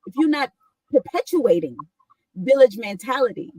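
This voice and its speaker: Husky, reflective woman, slightly distant mic. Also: a little high, sing-song, moderate pace, mellow, no echo. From New York. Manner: reflective, with many restarts and "right?" tags. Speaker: guest. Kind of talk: casual conversation.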